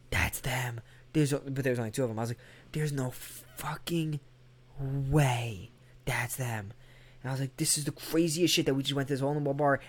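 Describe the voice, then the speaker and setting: A man casually telling a long, rambling, profane story in a chat, acting out the people he quotes. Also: mid-range voice.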